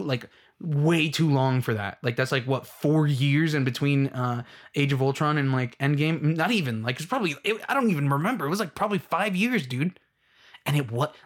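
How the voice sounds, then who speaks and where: A young man in a casual rant, rambling and exasperated, full of filler words. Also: a little high. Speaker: movie fan ranting.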